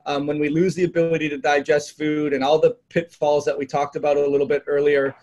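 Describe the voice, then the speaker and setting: Man, higher voice, interview host, rambling questions, lots of fillers. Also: little pitch movement, brisk, darkish tone, muffled recording. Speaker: chiropractor host.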